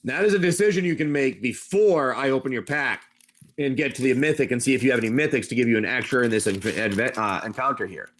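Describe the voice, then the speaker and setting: A man's voice: mid-range voice, fast talker, a bit bright. A man hosting a casual card-opening stream, chatty and rambling, reading card names and telling an adventure story. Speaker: livestream seller opening card packs.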